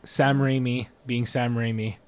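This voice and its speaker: A young man co-hosting a podcast, arguing points about a film in casual chat, halting and restarting often. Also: mid-range voice, level tone, a little mellow. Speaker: podcast co-host.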